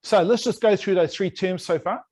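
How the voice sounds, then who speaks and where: A man's voice: sits high, moderate pace, a little mellow. A man teaching a language in an online lesson, playful and over-pronouncing words to demonstrate them. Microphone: video call.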